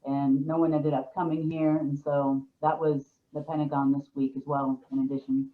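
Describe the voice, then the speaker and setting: A woman's voice: deep voice, flat delivery, moderate pace. A woman hosting a show, talking casually in a rambling way with frequent restarts, heard over a phone-like line. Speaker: show host. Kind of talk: casual monologue on a call.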